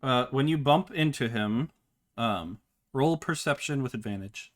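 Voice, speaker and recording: A man's voice: medium pitch, lively intonation, measured pace. A man running a tabletop game as game master, hesitant, with many fillers and restarts.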